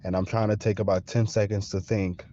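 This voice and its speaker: A man's voice: fairly low pitch, flat delivery, mellow, muffled recording, a little hiss or hum. A man hosting a podcast in a casual monologue, keeps checking in with the listener. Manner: slow, checks in with the listener often. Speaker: podcast host.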